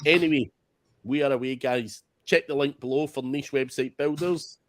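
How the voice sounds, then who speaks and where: A man's voice: medium pitch, normal speed. A man from the United Kingdom hosting a podcast, dry and matter-of-fact in casual chat. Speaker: podcast host.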